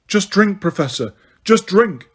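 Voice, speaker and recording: Desperate teen wizard boy, loud and pushy, voice cracking, a man reads him. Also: high voice, animated, measured pace, slightly rough, voice pushed up, heavily acted. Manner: urgent, cracking pleas. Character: teenage boy wizard, frantic and urgent. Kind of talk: audiobook character reading.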